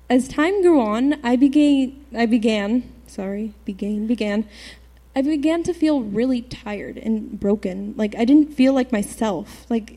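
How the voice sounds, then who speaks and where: An earnest teenage girl shares her faith testimony with a church group. She talks in a halting way, full of fillers and restarts. Her voice sits a little high but has a warm, mellow tone. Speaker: youth speaker giving a testimony.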